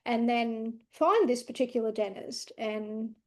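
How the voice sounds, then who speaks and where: A high, bright-toned woman in her fifties tells a personal story in a relaxed chat. She is candid and blunt, swears freely, and laughs between the lines. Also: a little slow. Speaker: tarot reader and co-host. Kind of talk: casual storytelling.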